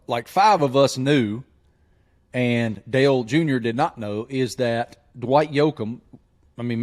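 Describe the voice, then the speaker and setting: A man in his forties hosts a casual podcast chat, spinning a hometown story with a jokey, animated delivery. His voice sits at a middle pitch for a man. He grew up in southwest Virginia. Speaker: podcast host.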